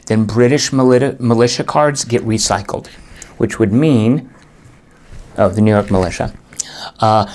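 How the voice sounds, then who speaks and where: A man with a fairly low voice narrates his own solo board game turn by turn. He thinks aloud in a muttering, half-to-himself way and groans when the dice go against him.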